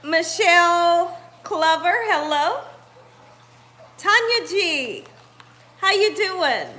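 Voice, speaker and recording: High bright-voiced woman hosting a live cooking stream. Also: animated, extremely slow. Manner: chatty, greets viewers by name, laughs often. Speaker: cooking channel host. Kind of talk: live-stream chat with viewers. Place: home kitchen.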